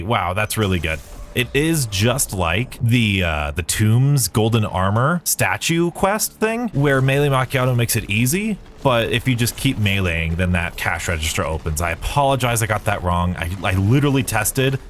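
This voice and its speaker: A man giving chatty, excitable commentary while playing through a game quest, explaining each step as he goes. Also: medium pitch, slight background noise. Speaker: gaming video creator. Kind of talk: live gameplay commentary.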